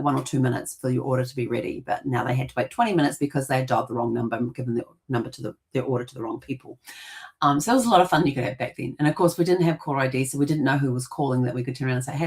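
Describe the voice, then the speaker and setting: A middle-aged woman, hosting a family history show and telling rambling childhood stories with restarts and laughter. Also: very deep voice. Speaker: genealogy podcast host. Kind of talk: casual storytelling monologue.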